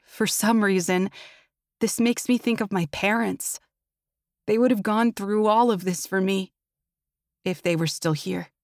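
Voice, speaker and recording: A woman's voice: mid-range voice, unhurried, pauses often, no room sound, studio quality. A woman narrating a fantasy audiobook in the first person, with tense and intimate storytelling.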